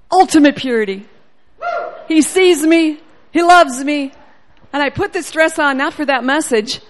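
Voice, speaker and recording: A middle-aged woman preaching a sermon, telling a story with animated delivery and speaking prayers aloud. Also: sits high.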